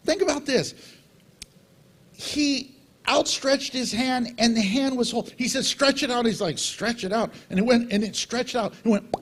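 A middle-aged man preaching a sermon as pastor, animated and acting out little dialogues with God. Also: extremely high pitch, normal speed, husky.

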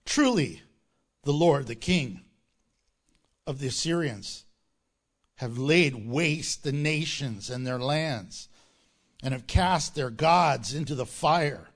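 A man preaching a sermon as pastor, animated and joking, often laughing at his own lines. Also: mid-range voice, slow pace, pauses often.

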